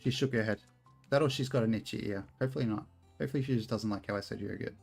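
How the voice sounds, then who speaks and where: Gravelly Australian man chatting on stream. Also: on the low side, rapid-fire, a little mellow, faint music behind. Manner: rambling, swears freely, jokes at himself. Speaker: game streamer. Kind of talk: casual live-stream chat while playing.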